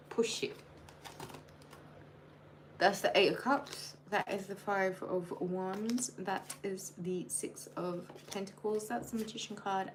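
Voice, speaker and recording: Low-voiced woman giving a chatty tarot reading. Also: noisy background. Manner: chatty, addresses each sign by name, playful nicknames. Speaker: tarot reader. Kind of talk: live-streamed tarot reading.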